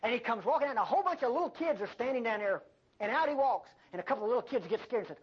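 An older woman preaching a sermon, with an animated delivery and folksy asides. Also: on the high side, very fast, husky. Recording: dull lo-fi sermon recording.

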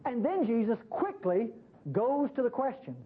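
A man preaching a sermon in a conversational, animated way, often saying "see" to the listeners. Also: very high voice, moderate pace, husky. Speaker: pastor. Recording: tinny phone-like radio broadcast.

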